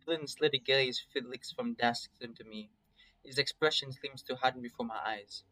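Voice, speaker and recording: A man in a mid-pitched voice reads a visual novel aloud in first person. He keeps it casual, swears freely and stops to chat about his choices. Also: normal speed, sharp tone, rough recording. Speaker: story reader.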